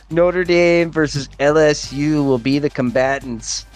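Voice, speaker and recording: Relaxed man calling a game. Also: on the high side, slow pace, faint music behind. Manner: relaxed, jokey, rambling. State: recovering from a cold. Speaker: play-by-play commentator. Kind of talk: casual game commentary.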